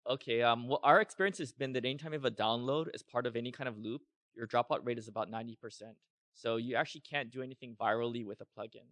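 A man's voice: medium pitch, fairly even intonation, fast, fairly bright tone, dry recording. A man on a conference panel, explaining things in a matter-of-fact way.

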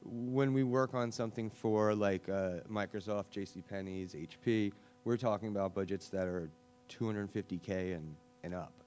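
Man, low voice, chatty panelist, faint music behind. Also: darkish tone. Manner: chatty, filler-heavy, quick asides. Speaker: web design panelist. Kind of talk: casual panel discussion.

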